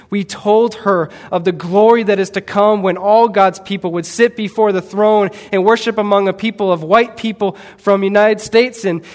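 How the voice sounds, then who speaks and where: A man preaching in a church, earnest and rising to fervent emphasis as he tells his story. His voice sits a little high for a man. The sound carries a long hall reverb. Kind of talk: sermon with a missionary story.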